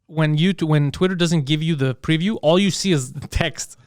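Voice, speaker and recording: A man trading stories on a comedy podcast, swearing freely and throwing himself into loudly acted-out quotes. His voice sits a bit high and sounds smooth and clear. The sound is dry and close. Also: moderate pace, no room sound. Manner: animated storyteller who swears and acts out quotes loudly. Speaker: podcast co-host. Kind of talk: casual comedy podcast chat.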